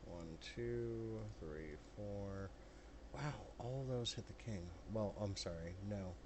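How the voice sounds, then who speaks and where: A man narrates and rules as game master in a tabletop session, his voice sitting slightly low. He speaks bluntly and swears casually. The recording carries a clear layer of background noise. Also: takes it slowly.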